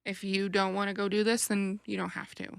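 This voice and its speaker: A woman guest on a podcast, chatting casually, firm in her opinions and quick to agree. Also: mid-range voice, level tone, creaky, no echo, studio quality. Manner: firm, agreeable, frequent affirmations. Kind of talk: casual chat.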